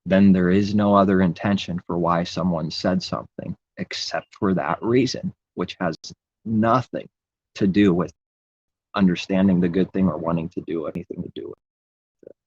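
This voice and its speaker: A man's voice: low voice, fairly even intonation, normal speed, darkish tone, breathy edge, dry recording, highs cut off. A man preaching in an impassioned, rambling religious monologue, repeating his phrases.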